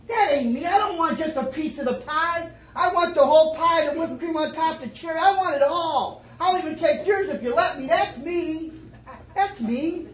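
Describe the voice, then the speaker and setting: A middle-aged man telling his story at a twelve-step meeting, starting low and emotional and rising to fervent emphasis, with many repeated phrases. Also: animated, moderate pace, fairly bright tone. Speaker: recovering alcoholic sharing his story. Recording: echoey meeting room, faint noise.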